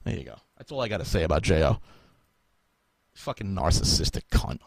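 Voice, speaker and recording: A man's voice: deep voice, very animated, a little fast, creaky, no echo. A man hosting a live podcast, ranting angrily and sarcastically with a lot of swearing and bursts of laughter. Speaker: podcast host. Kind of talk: profane rant on a live podcast.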